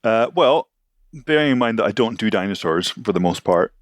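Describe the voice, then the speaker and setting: A man's voice: on the low side, lively intonation, moderate pace. A man co-hosting a podcast, talking in a rambling, hedging, easygoing way. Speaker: podcast co-host. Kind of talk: casual chat.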